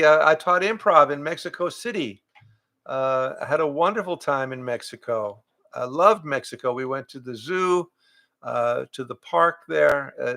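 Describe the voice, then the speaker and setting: An older man, a voice actor and improv teacher, chatting casually with fans on a livestream from home, reading out their questions and answering in a relaxed, rambling way. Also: fairly high pitch, gravelly. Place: home, in front of pictures on the wall. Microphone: livestream webcam setup.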